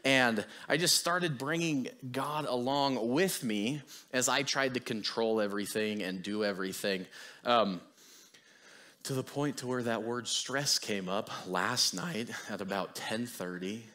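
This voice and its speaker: A young man giving a casual, chatty sermon as a guest preacher, self-deprecating and quick to laugh. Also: mid-range voice, bright, forceful tone.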